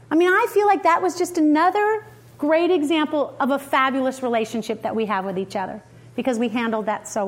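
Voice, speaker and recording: A middle-aged woman giving a motivational leadership talk, telling stories animatedly and asking the audience questions. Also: high-pitched. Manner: animated storytelling with laughs and acted quotes. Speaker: leadership speaker.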